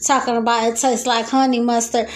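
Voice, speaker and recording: A woman's voice: a little high, flat delivery, a little fast. A young woman hosting a solo podcast, venting in a loose, profane, laughing rant from her kitchen. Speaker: podcast host. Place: home kitchen.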